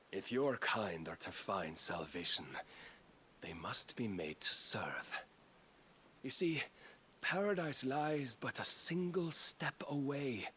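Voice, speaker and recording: An actor playing a zealous middle-aged villain king in a video game, measured, solemn and menacing. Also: fairly low pitch, sharp tone, slight background noise, heavily acted. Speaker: game character.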